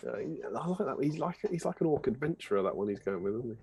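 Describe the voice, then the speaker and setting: A man's voice: medium pitch, animated, fast, a little mellow, a little hiss or hum. A man co-hosting a hobby stream, chatting casually with playful, self-deprecating banter. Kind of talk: casual chat.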